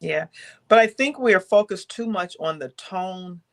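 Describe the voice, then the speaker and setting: A woman's voice: on the low side, unhurried, creaky. A woman on a podcast explaining her view firmly, point by point, with rhetorical questions. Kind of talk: casual chat.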